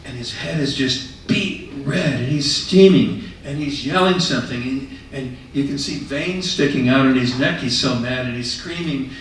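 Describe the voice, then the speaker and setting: A man telling a lively personal story to a live audience. His voice sounds distant from the mic, wrapped in heavy room echo with a faint hiss underneath. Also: mid-range voice, normal speed, few pauses. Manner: conversational, animated retelling. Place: retirement residence common room. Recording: echoey room, mic far off.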